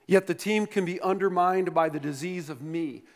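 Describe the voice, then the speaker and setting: A male pastor preaches in a big church hall, mixing anecdotes and jokes with pointed questions to the congregation. His voice sits a little high for a man, and it rings with a long reverb that fills the space. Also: normal speed. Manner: storytelling preacher, playful humor, rhetorical questions to the congregation. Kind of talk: sermon.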